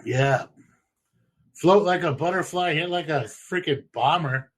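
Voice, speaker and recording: A man's voice: on the high side, a little slow. A man, rambling through stories and opinions with plenty of swearing. He talks loosely, in a casual chat show. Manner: rambling, profane storytelling. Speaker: podcast host.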